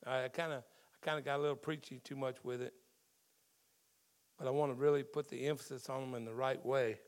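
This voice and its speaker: A man's voice: medium pitch, fairly even intonation, fast talker. A man who is a pastor, preaching a sermon in a conversational way and explaining the meaning of Greek words in scripture.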